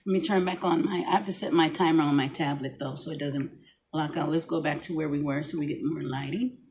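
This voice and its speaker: A woman's voice: low voice, fairly even intonation, fairly quick, a little mellow, slight background noise. A middle-aged woman talking casually to her camera at home, rambling with many restarts. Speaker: vlogger. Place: home room, lights dimmed.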